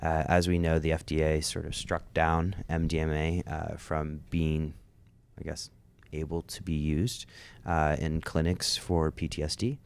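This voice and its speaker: In a very deep, clear and resonant voice that barely moves in pitch, a podcast host chats casually at a slightly slow pace. His manner is easygoing and full of jokes.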